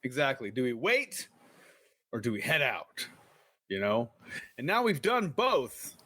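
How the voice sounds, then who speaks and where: A man's voice: mid-range voice, huge pitch swings, a little slow, bright, forceful tone, no echo. A man co-hosting a podcast, reading a kids' adventure book aloud with playful, joking asides. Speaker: podcast co-host. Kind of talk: casual live book reading.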